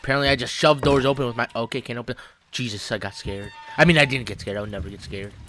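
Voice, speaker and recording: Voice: medium pitch, fast, a bit bright, a little hiss or hum. A gaming YouTuber reacting to a horror game, jumpy, with sudden shrieks and constant claims of not being scared.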